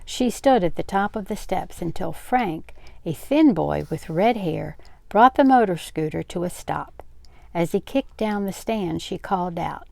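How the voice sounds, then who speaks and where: An older woman reading a novel aloud in a steady, unhurried way. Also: lowish voice, vocal fry, dry recording. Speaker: read-aloud host.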